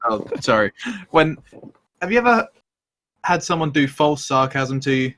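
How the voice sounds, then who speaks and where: A teasing man whose voice bounces around a lot as he mocks another player. He talks over a video call at a middling pitch. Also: big pitch swings, moderate pace, fairly bright tone, a little hiss or hum. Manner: teasing, mocking. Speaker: game player. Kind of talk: casual game banter.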